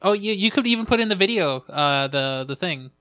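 A man's voice: high voice, animated, a little fast, sharp tone, dry recording, clean studio sound. A man co-hosting a podcast, chatting casually, joking and laughing often. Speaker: podcast co-host. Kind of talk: casual chat.

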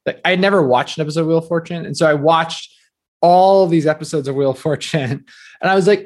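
A man in his thirties from New Jersey, speaking as a guest in a relaxed interview. His voice sits a touch higher than most men's, and he rattles along with lots of "like" and "sort of," poking fun at himself as he tells stories. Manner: fast, filler-heavy, self-deprecating storytelling. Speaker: guest author. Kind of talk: casual interview talk.

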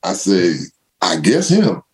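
A deep-voiced older man spins loose, laughing anecdotes. His pitch swings widely, leaping high whenever he acts out what someone else said, then dropping back to a low, easy drawl. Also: takes it slowly. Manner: animated, acts out quotes in raised voice, laughs often. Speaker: former pro football running back, guest. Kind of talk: casual storytelling interview.

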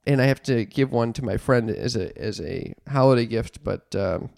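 A man's voice: medium pitch, moderate pace, creaky, darkish tone, no room sound, clean studio sound. A young man co-hosting a podcast, chatting casually and teasing with a playful manner. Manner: playful, teasing, laughs at his own jokes. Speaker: podcast co-host. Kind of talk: casual comedic chat.

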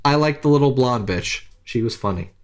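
A man co-hosting a casual podcast chat, animated and swearing freely, his voice jumping high when excited. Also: moderate pace. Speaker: podcast co-host.

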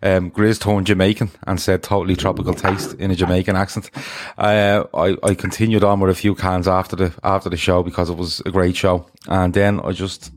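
A man's voice: low voice, level tone, brisk, few pauses. A man chatting as a podcast guest, rambling with lots of ums. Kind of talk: casual football podcast chat.

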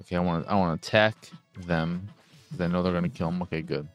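A man giving casual, profane let's play commentary, excitable and thinking out loud as he plays. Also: low-pitched, fast talker, dull audio, soft background music. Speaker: gaming streamer.

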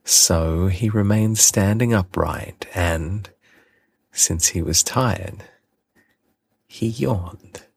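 A man narrates a storybook with gentle, deliberate care. His voice is low and husky, taking its time over each phrase. The sound is dry and close, with no room around it. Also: no echo. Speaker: audiobook reader. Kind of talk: storybook reading.

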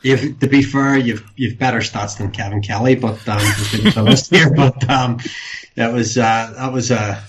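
A man's voice: mid-range voice, steady tone, moderate pace, a little hiss or hum, poor audio. A man hosting a podcast panel, asking questions in casual chat and often restarting his phrases.

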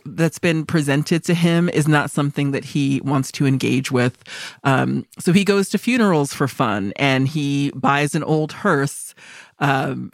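A low-voiced woman co-hosts a film podcast, chatting casually, laughing a lot and performing quotes in other voices. The recording is dry and studio quality.

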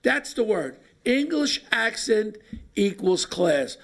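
A man's voice: sits high, sing-song, takes it slowly, gravelly. A brash, joking man with a New York accent hosting a podcast in casual chat. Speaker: podcast host.

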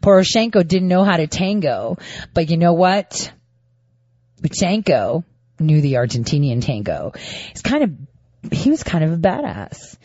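A woman's voice: lowish voice, sing-song, unhurried, pauses often, warm tone, no room sound, highs cut off. A woman giving casual political commentary, firing off rhetorical questions and sarcastic asides.

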